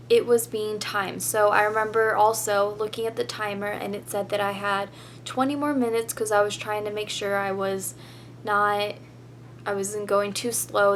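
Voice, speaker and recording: A woman's voice: mid-range voice, fairly bright tone, a little hiss or hum. A teenage girl vlogging a long, rambling story full of "like" fillers, emotional and near tears. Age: teens. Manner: chatty, rambling with many "like" fillers. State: tearful, emotional. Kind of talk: casual storytelling vlog.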